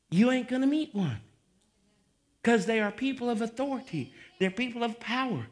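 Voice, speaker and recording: A man preaching a fiery sermon as pastor, confrontational, swinging from mocking mutters to shouts. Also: sits high, lively intonation, normal speed.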